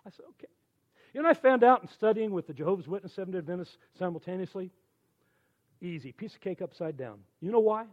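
A man in his sixties, a church elder, telling conversion stories in a folksy, animated sermon. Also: high voice, fast talker, highs cut off. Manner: animated, folksy storytelling with quoted dialogue. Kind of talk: storytelling sermon.

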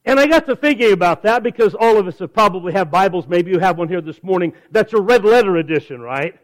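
A middle-aged man delivers a Sunday sermon in a fairly high voice. He is emphatic, stretching out key phrases slowly for weight and stacking up repeated words as he starts a new thought. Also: lively intonation, poor audio. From California. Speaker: preacher. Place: church service.

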